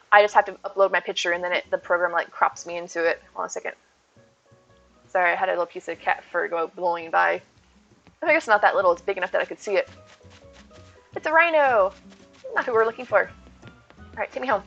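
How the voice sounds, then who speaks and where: A woman's voice: medium pitch, a bit bright. A woman live-streaming from home, chatting casually and upbeat with her viewers and thanking them as she plays. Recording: dull lo-fi stream audio.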